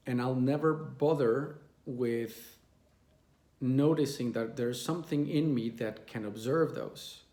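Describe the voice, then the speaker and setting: Man, meditation teacher, rambling casual talk, mellow voice, roomy echo. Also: medium pitch, slow. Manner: rambling, many restarts and fillers; mimics others in quoted asides.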